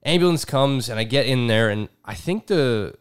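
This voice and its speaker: A young man co-hosting a podcast tells his own story in a candid, relaxed way, using filler words. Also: mid-range voice, moderate pace, clean tone. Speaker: podcast co-host. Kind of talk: casual podcast conversation.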